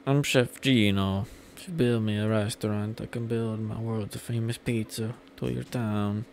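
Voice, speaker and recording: A cheerful Italian pizza chef, voiced by a man in a life-sim video game. His voice is low and gravelly, and he reads each line slowly and carefully, as if trying out the part. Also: steady tone, a little mellow, a little hiss or hum. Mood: boastful. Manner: slow, deliberate reading of game dialogue.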